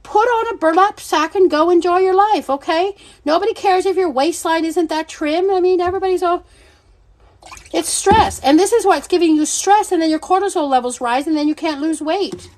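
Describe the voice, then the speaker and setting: A woman's voice: very high-pitched, moderate pace, a little mellow, slight background noise. A middle-aged woman hosting a casual livestream, talking bluntly and animatedly, swearing freely and laughing often. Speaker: livestream seller and host.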